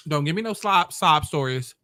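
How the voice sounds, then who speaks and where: A man's voice: a little high, lively intonation, moderate pace, bright, forceful tone, no room sound. A man hosting a reaction commentary, sassy and blunt, talking while he eats. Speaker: commentary host.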